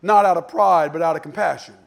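High-voiced man preaching, stammering restarts. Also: brisk, gravelly. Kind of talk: sermon.

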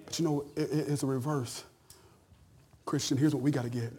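A middle-aged male pastor preaching a sermon in a conversational, folksy way, stammering and then rising to loud shouted peaks. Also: medium pitch, fairly even intonation, fairly quick, breathy edge.

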